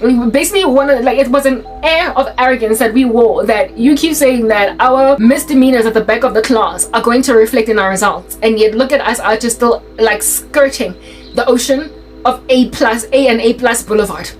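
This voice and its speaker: A woman tells a funny school story in a lively, casual vlog. Her voice sits high, she laughs often, and faint music plays beneath her. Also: normal speed, rough recording. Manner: animated, laughs often while telling. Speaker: YouTuber.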